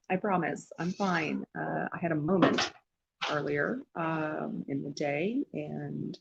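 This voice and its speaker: A woman's voice: deep voice, slow pace, vocal fry, lo-fi sound, heavy background noise. A woman casually chatting on a live stream, rambling and laughing at herself. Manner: rambling, self-deprecating, laughs often.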